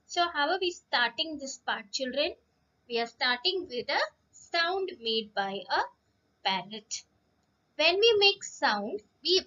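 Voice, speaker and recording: A woman teacher giving a slow lesson to young children, drawing out words and asking them questions. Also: high voice, sharp tone, dull audio. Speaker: primary school English teacher.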